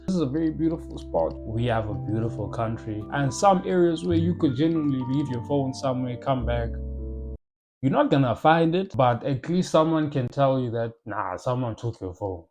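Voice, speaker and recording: Young South African man, mellow voice. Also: mid-range voice, normal speed, faint music behind. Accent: South African English. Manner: animated storytelling with slang and loud jokes. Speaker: comedy YouTuber. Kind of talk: comedic monologue vlog.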